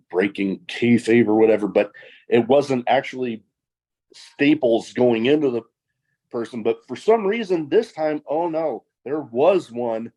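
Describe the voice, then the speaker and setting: A man's voice: medium pitch, darkish tone. A man hosting a casual podcast chat, laughing along and reacting to his guest with short remarks. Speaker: podcast host.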